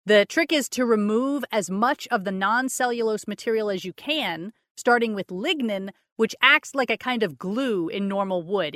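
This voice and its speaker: A woman's voice: a little high, a bit bright, no echo, studio quality. A woman co-hosting a casual podcast, reading out science articles with joking asides. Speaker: co-host.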